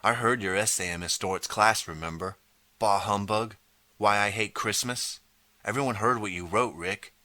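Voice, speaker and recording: A man's voice: lowish voice, normal speed, bright, forceful tone, no echo. A man voicing a suspicious, mocking schoolgirl who snaps back. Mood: scornful. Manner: snappy, scornful.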